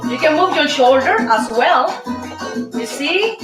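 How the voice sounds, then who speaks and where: A woman's voice: sits high, expressive, slow pace, echoey room, distant mic, music in the background. A woman hosting a casual dance lesson, counting steps aloud in a chatty, playful way. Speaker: host and dance teacher.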